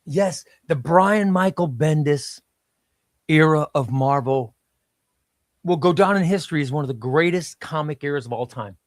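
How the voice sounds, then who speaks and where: A man's voice: a little high, moderate pace, no echo, clean studio sound. A man hosting a casual chat, rambling and repeating words as he talks. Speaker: host.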